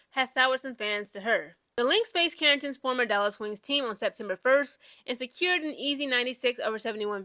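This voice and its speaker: This young woman's voice is fairly high, recorded with no echo. Her sports commentary is casual and animated, she reads an article aloud, and "like" and "you know" crop up constantly.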